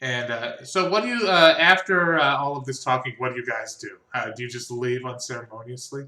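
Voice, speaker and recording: A man runs a horror-fantasy tabletop game, narrating with a crisp, bright tone. He chats loosely, laughs easily and trips over the odd name. His voice rings in an echoey room. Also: mid-range voice, fairly quick. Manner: chatty, laughs easily, stumbles over names. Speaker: game master.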